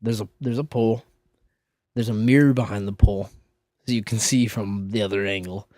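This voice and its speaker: A man's voice: lowish voice, steady tone, fairly quick, warm tone, no echo. A man tells an embarrassing story to a friend in loose, rambling chat. He leans on "like" fillers and restarts his sentences. The mic is close and the sound is dry. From Minnesota. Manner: rambling, lots of "like" fillers, self-interrupting. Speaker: podcast co-host.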